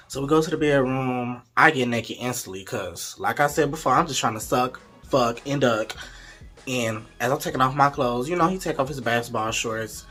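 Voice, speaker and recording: A man's voice: medium pitch, a little fast, bright, forceful tone, faint music behind. A young man in casual storytime mode, chatty and candid, talking straight to his viewers. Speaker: vlogger.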